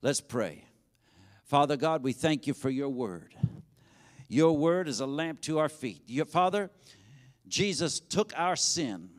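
High-voiced man preaching fervently. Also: expressive, slow, long pauses. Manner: shouting, preaching with rising intensity. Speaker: pastor. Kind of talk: fiery sermon and prayer. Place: church sanctuary.

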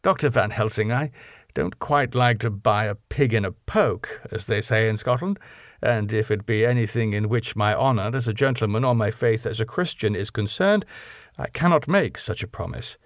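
A man voicing a proud young English lord who speaks earnestly and formally and is quick to take offence. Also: lowish voice, dry recording, studio quality, lightly acted. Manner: earnest and formal, rising to indignation.

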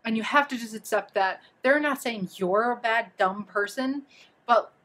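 A young woman talking casually to camera, chatty and animated, giving freelance copywriting advice with many fillers and asides. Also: fairly high pitch, normal speed.

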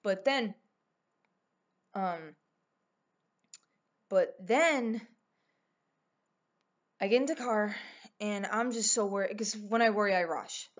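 A woman's voice: medium pitch, slow, long pauses. A young woman telling a story casually as a vlogger, rambling and emphatic, swearing often and acting out what people said. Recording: slightly dull lo-fi recording.

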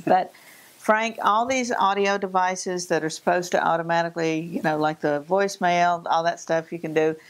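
Casual Southern Appalachian woman co-host, lively anecdote teller. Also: lowish voice, moderate pace. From Southern US, Virginia and North Carolina. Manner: animated storyteller, mimics voices. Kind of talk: casual studio chat.

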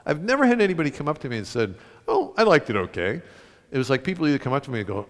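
A middle-aged man speaks to an audience from a stage, his voice swinging up and down with lively pitch. He is animated and self-mocking, stumbling over restarts as he tells stories. A long concert-hall reverb trails each phrase. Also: very fast. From United States. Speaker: author giving a talk. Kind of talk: public reading and storytelling talk.

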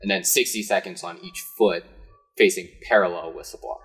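A man with a lowish, husky voice talks casually on a podcast. He explains training basics in an easygoing, instructive way, as a coach would. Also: fairly even intonation, a little fast, a bit bright. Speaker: parkour coach, podcast co-host. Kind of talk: casual chat, giving advice.

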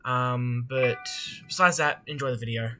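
Bright, excitable young gamer. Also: medium pitch, normal speed, slight background noise. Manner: excitable, swears a lot, bursts into loud surprised reactions. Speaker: gamer playing a horror game. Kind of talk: casual gameplay commentary.

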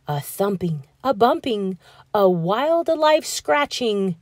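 A woman reading a children's rhyming storybook aloud in a lively, expressive, rhythmic way. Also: a little high, takes it slowly, no echo, clean studio sound. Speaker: children's book reader.

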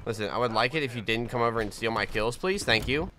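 A man giving casual gameplay commentary as a gaming video host, excitable and swearing often, with frequent laughs. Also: medium pitch, fast, slight background noise. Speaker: gaming YouTuber. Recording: game gunfire behind voice. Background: game gunfire and explosions.

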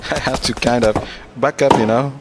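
A man playing a mobile tennis game and commenting live, excitable and self-critical, with frequent exclamations. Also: mid-range voice. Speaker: mobile game let's-play host. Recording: loud background noise.

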